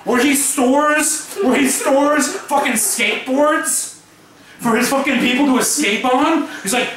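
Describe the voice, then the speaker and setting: A very high-pitched man speaking a little slowly spins an improvised comic tall tale, rambling, cursing, laughing a lot and leaning on "like" as filler. The recording is distant and very echoey, with crowd noise around him.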